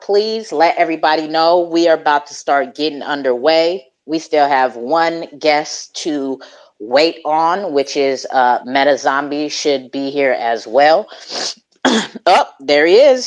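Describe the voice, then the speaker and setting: Slow, low-voiced laid-back woman host. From California. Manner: laid-back, slangy, laughs often. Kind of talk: casual chat on a live audio call.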